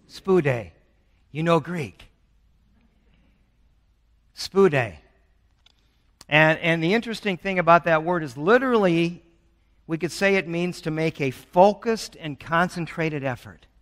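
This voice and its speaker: This is a sixty-something pastor preaching in a church sanctuary, with a fairly high, slightly bright voice. Earnest and urgent, he builds his message through personal storytelling mixed with scripture. Long church reverb fills the recording.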